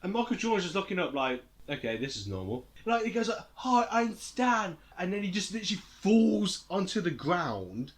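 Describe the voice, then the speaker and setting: A young man in casual podcast chat, his voice rising and dropping a great deal as he acts out scenes. He sits a little higher than most men. He laughs often and jumps into quoted lines. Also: fairly quick, hardly any pauses. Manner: animated retelling, acting out quotes, frequent laughter. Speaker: podcast host.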